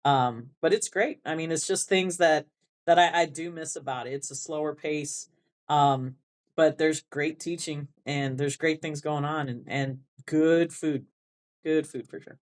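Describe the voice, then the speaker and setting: A woman's voice: low voice, fairly even intonation, measured pace. A woman band director with a South Texas Rio Grande Valley accent, chatting as an interview guest. She rambles with many restarts and laughs often. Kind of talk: casual interview chat.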